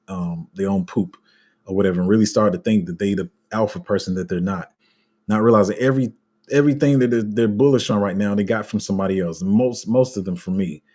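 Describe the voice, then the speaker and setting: Crypto streamer, male, deep husky voice, blunt and fed up, lots of restarts. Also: mellow. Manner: frank and exasperated, heavy slang, many restarts. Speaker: crypto YouTuber reading live comments. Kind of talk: casual livestream rant.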